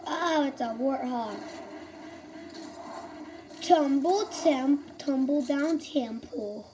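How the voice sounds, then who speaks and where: A woman giving casual, playful gameplay commentary as a gaming YouTuber, excitable and calling everyone bro. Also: high voice, drawn-out words, long pauses, background noise.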